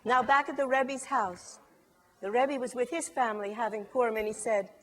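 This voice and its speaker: A middle-aged woman telling a story to a live audience, lively and expressive, acting out the characters. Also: on the high side, normal speed. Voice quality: lively, acts out characters with shifting voice.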